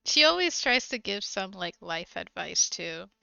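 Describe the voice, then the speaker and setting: A woman's voice: mid-range voice, big pitch swings, a little slow, vocal fry, pushed and bright, clean tone, dry recording. A woman streamer chatting casually and giggling often while she crafts on a livestream, recorded on a slightly dull desk mic.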